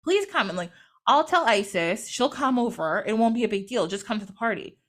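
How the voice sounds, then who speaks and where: A woman's voice: on the high side, animated, fairly quick, natural voice. Woman voicing a scheming male god, flippant, mock-friendly, told myth. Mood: coaxing.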